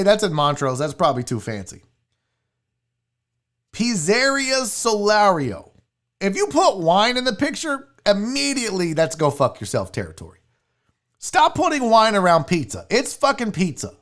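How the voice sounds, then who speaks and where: A young man hosts a sports show and goes on a casual livestream rant about food, full of rowdy, profane, mock-angry outbursts. His voice is high with a fairly bright tone.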